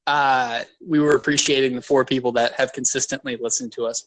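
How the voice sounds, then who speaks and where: A man co-hosts a chatty podcast, close to a dry mic. He needles his friend with sarcastic jokes and wordplay. His voice is at an average pitch for a man. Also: steady tone, a little fast, fairly bright tone, no echo. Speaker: podcast co-host. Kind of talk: casual chat.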